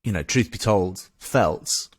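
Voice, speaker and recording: A man's voice: deep voice, expressive, takes it slowly, breathy edge, dry recording, clean studio sound. A man in his thirties with an English accent, a podcast guest telling a candid story in a frank, casual way, swearing and restarting as he goes.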